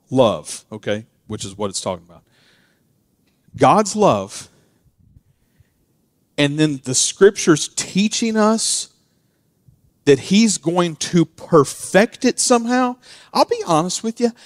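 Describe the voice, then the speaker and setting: A man preaching a casual sermon. He drifts into quiet, chatty asides and then builds to loud, emphatic peaks. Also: on the high side, no echo, studio quality. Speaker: pastor.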